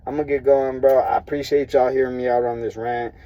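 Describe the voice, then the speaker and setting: A man's voice: medium pitch, fairly even intonation, fairly quick, dark tone, muffled recording, slight background noise. A young man ranting casually to his viewers, profane and rambling, frustrated and full of fillers. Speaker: vlogger. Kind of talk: casual rant to camera.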